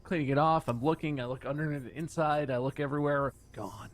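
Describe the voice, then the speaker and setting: A man's voice: a little high, brisk. A man on a podcast telling a story casually and animatedly, with laughing asides. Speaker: podcast co-host.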